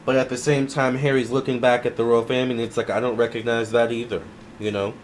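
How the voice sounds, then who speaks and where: A man doing a casual tarot reading to camera, musing aloud in an unhurried way with many fillers. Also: mid-range voice, level tone, a little hiss or hum. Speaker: tarot reader.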